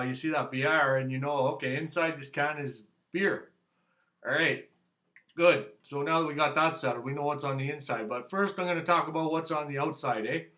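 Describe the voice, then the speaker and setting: Bright, chatty Canadian guy. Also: fairly high pitch. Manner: rambling, jokey, tags sentences with "eh". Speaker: beer review vlogger. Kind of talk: casual chat to camera.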